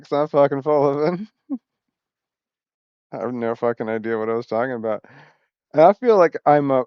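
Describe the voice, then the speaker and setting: A man's voice: medium pitch, clean tone, no echo, lo-fi sound. A man talking to camera in a rambling personal vlog, often losing his thread and swearing a lot. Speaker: vlogger.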